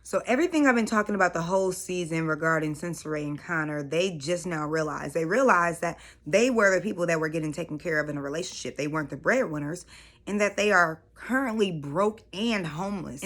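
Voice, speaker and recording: Sassy lady recapping a show, slangy, talks right at the viewers, bright forceful voice. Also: lowish voice, animated, brisk. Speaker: reality TV recap host. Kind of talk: casual recap commentary.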